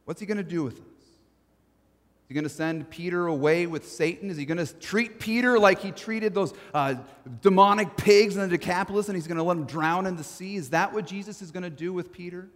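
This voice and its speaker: A man preaching a sermon as pastor, swinging from loud to hushed. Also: high-pitched, brisk. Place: church sanctuary. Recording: long church reverb.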